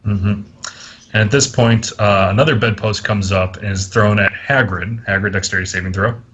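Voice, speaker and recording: Husky, low-voiced man as game master, narrating a tabletop game in a loose, joking way. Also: fairly even intonation, moderate pace, fairly bright tone, highs cut off. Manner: casual, joking, laughs at the table.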